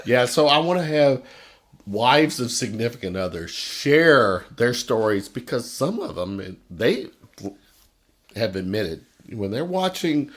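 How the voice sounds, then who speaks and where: A man's voice: medium pitch, sing-song, slow pace. A young man with a Kentucky accent, chatting casually as a guest podcast host, rambling and joking with a slight buzz. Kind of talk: casual chat.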